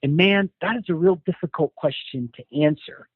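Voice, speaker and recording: A man's voice: on the high side, moderate pace, slightly rough, no echo. A man speaking as a guest coach in an interview, explaining with earnest, thoughtful care. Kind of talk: casual interview. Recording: dry tinny phone line.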